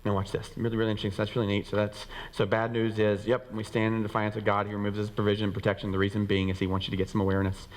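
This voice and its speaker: Fast-talking man preaching in a hall. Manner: animated, acts out quoted voices, rises and drops in pitch. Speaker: pastor. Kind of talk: sermon. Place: church sanctuary. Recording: reverberant hall.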